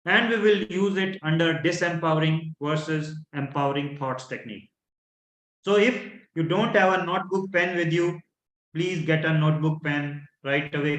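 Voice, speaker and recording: Indian English male coach, higher pitch, repeats and demonstrates, roomy sound. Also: fairly bright tone. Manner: instructive, repeats key phrases, acts out fearful tones. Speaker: workshop coach. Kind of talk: online workshop teaching.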